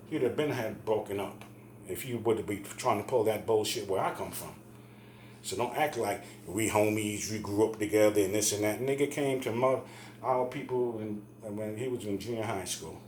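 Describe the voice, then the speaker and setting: A man's voice: on the low side, a little hiss or hum. Middle-aged man, casual ranting storyteller, profane and fired up; roomy echo. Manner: profane, heated, animated retelling. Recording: echoey room.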